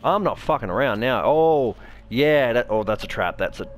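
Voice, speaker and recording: A man's voice: mid-range voice, lively intonation, normal speed, noisy background. A man giving foul-mouthed gameplay commentary, jumpy and cursing constantly. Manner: swears constantly, jumpy, shrieks when startled. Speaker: let's player.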